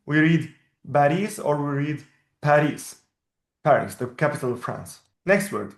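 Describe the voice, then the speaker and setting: Male teacher, slightly high voice, patient and explanatory; echoey room. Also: lively intonation. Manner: patient, explanatory, repeats words slowly. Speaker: Arabic teacher. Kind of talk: one-on-one language lesson.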